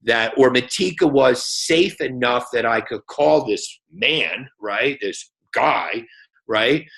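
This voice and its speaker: A man coaching a team over a phone call in a fired-up sales pep talk. His voice is forceful and sharp-edged, and he talks in a folksy, energetic way, dropping a quick "okay?" after his points. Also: mid-range voice, vocal fry. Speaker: guest speaker on a team call.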